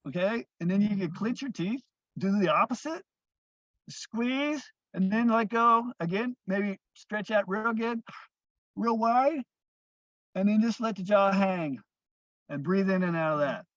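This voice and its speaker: Man guiding slow, soothing breathwork. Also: high voice, dry recording. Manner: slow, soothing guidance, trailing off softly. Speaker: breathwork teacher. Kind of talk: guided breathing instruction. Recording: dull, lo-fi dry sound.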